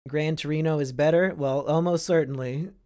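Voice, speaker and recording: A man's voice: a little high, fairly even intonation, normal speed, warm tone. A young man from Iowa hosting a casual live stream, reading and answering chat with sardonic, profane banter.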